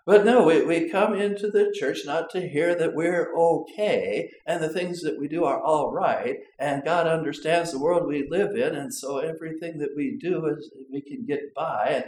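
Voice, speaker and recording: Chatty preacher in an echoey church. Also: male voice, a little high, normal speed, hardly any pauses, a little mellow. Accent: Upper Midwest American. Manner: conversational preaching with many fillers and tag questions. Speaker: pastor. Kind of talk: sermon. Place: church sanctuary. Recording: echoey church with faint ambience.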